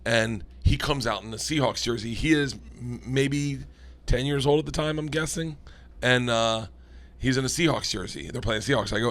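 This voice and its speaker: A middle-aged comedian guest on a podcast, talking in a bright, tense voice. He tells a profane story with big energy and acts out the quotes along the way. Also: mid-range voice, moderate pace.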